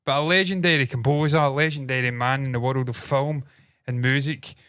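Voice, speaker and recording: A man's voice: medium pitch, fairly even intonation, brisk, a bit bright, clean tone, dry recording, clean studio sound. A man in his thirties co-hosting a casual podcast, rambling, laughing and swearing freely. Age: 30s. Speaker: co-host. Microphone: loose desk mic.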